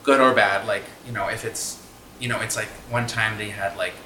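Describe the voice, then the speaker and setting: A man's voice: lowish voice, steady tone, normal speed, noisy background. A man co-hosting a podcast, rambling casually and thinking aloud with many restarts. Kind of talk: casual chat. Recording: echoey room.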